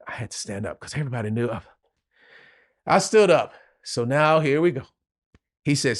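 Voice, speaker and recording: A man's voice: medium pitch, animated, no room sound, clean studio sound. A man, a retired Navy officer telling a personal story as a podcast guest in an earnest, emotional way. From Louisiana, USA. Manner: earnest, emotional, vivid retelling with pauses.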